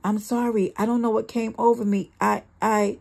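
Brief: a volatile, jealous, abusive man, read by a woman with a gravelly voice, flipping between rage and pleading. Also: a little high, little pitch movement, moderate pace, a little mellow.

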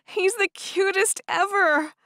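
Woman voicing an excitable young Amish woman. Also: high-pitched, measured pace, no room sound, studio quality, pitched above the performer's own voice, full character voice. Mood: delighted. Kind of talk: audiobook character voice.

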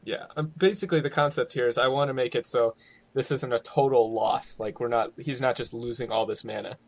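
A man's voice: medium pitch, a little fast, a little hiss or hum. A man playing in a tabletop game, explaining his plans with wry asides. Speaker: player. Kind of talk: casual tabletop play.

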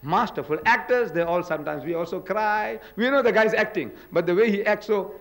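An older man giving a religious lecture at a podium in a hall, dramatic, with booming quotes and rhetorical questions. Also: fairly quick, fairly bright tone.

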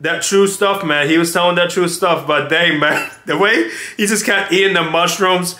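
A young man in his twenties talks to his viewers in an excitable, slangy rush, exclaiming often. His voice is bright and a touch high. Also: moderate pace. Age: 20s. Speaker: reaction video host. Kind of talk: casual reaction commentary.

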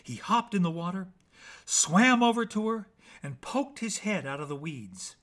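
A man reading children's bedtime stories aloud in an animated, playful way with dramatic pauses. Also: high-pitched. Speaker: storyteller.

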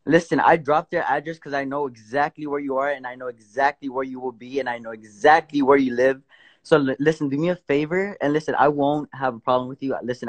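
A young man on a live stream, confronting another man in a heated argument and repeatedly demanding that he listen. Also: medium pitch. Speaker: livestreamer confronting a caller.

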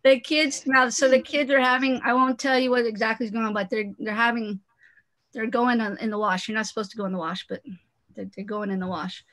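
A woman's voice: fairly high pitch, little pitch movement, a little fast, fairly bright tone. A woman author from the Los Angeles area, chatting and laughing easily while introducing her book, speaking over a video call. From Los Angeles area, USA. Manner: chatty, laughs often, many "you know" fillers. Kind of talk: casual talk and reading at a book launch.

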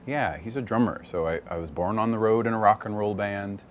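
A man from the West Coast, a stage actor, chatting as a guest in an easygoing, animated way, laughing often. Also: fairly low pitch, fairly quick, a little hiss or hum. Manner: animated, laughs often, slips into character voices briefly. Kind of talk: casual interview chat. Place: bar set.

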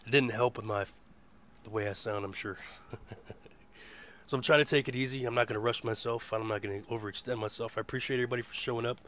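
A man hosting a casual live internet radio show. His voice is hoarse, and he rambles in a laid-back way and swears freely. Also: mid-range voice, steady tone, quick pace, fairly bright tone. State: hoarse from a rough voice. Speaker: host.

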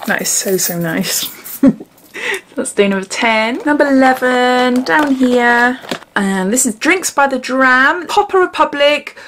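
A woman's voice: a little high, expressive, slow pace, fairly bright tone. A woman chatting casually as she unboxes and sniffs gins, giggling often and dropping into whispers. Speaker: beauty vlogger.

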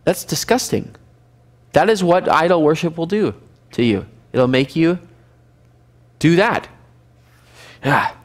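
A man teaching a casual Bible survey class as pastor, lively and animated, acting out scenes now and then. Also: takes it slowly, long pauses. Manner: lively, animated, acts out scenes with sudden high shouts and laughs. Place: church fellowship room.

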